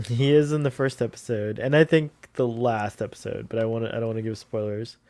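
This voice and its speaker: A man's voice: mid-range voice, fairly even intonation, brisk, darkish tone, dry recording. A man chatting casually as a guest on a fan commentary podcast, rambling and laughing often.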